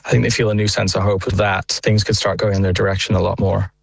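Gravelly low irish guy, earnest, dull dry clip. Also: little pitch movement, fast, no room sound. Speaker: journalist. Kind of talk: recorded interview clip.

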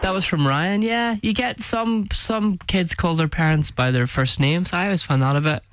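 A playful young man hosting a radio breakfast show from the studio. His voice sits a little high for a man, and he keeps the chat light and jokey. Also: normal speed, very noisy. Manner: playful, laughs at his own jokes. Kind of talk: casual on-air banter.

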